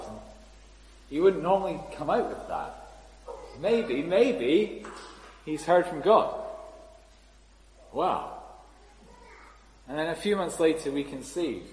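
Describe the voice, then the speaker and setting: A man with a fairly high voice preaches a sermon in a conversational, storytelling way. His voice rings through a church hall with a long tail of reverb. Faint room ambience sits underneath. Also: a little mellow, a little hiss or hum.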